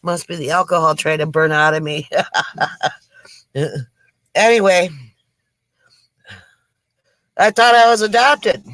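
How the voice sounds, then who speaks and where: A middle-aged woman, hosting a live stream from home and telling corny jokes slowly, laughing and sighing often, a bit tipsy from drinks. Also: lowish voice, fairly even intonation, a bit bright, no room sound. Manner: slow, corny jokes with frequent laughs and sighs. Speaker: live stream comedy host. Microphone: computer mic for a live stream.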